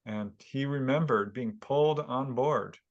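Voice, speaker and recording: A man, a guest author, telling a story at length in a casual interview, animated and laughing now and then. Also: medium pitch, unhurried, muffled recording. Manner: animated retelling with chuckles. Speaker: guest author and UFO investigator.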